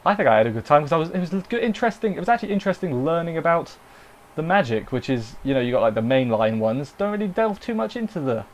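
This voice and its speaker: A man's voice: on the high side, big pitch swings, fast talker. A man giving a casual, rambling anime episode review. He corrects himself often and mock-quotes the characters.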